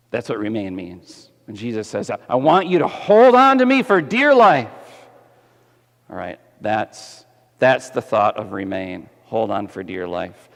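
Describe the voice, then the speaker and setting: A man preaching a sermon as pastor, animated and putting questions to the congregation, kids included. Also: mid-range voice, creaky. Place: church sanctuary. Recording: echoey church hall.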